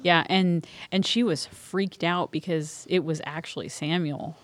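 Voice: medium pitch, fairly even intonation, measured pace, no echo. A co-host on a casual faith podcast, easygoing and agreeable.

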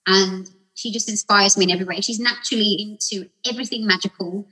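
A woman's voice: medium pitch, steady tone, fast, slightly rough, rough recording. A woman guest on a podcast, chatting casually and rambling through stories, often acting out what people said. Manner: rambling, warm storyteller acting out quotes with laughs. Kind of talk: casual storytelling chat.

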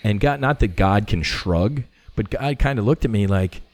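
A middle-aged man, a former fighter pilot, telling stories as a podcast guest in a casual, animated way, swearing freely and full of "you know" fillers. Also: fairly low pitch, normal speed, dry recording. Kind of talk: casual conversational storytelling.

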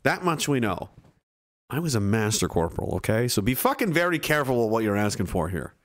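A man's voice: mid-range voice, sing-song, brisk. A man in his thirties from Canada, a veteran streamer giving blunt, profane, heated commentary to his live chat. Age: 30s.

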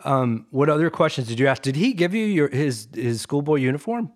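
A man's voice: a little high, expressive, brisk. A man hosting an interview, reacting eagerly and asking follow-up questions. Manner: enthusiastic, reacting with praise. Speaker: podcast host. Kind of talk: casual interview.

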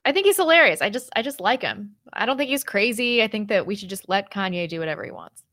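A woman co-hosting a live call-in show, blunt and quick to laugh, swearing casually. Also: medium pitch, very animated, a bit bright, no room sound, clean studio sound. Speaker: co-host.

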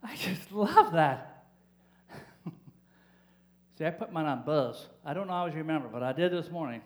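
Animated, joking male preacher. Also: a little high, normal speed. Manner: playful, joking with the congregation. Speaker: pastor. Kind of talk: sermon. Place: church service.

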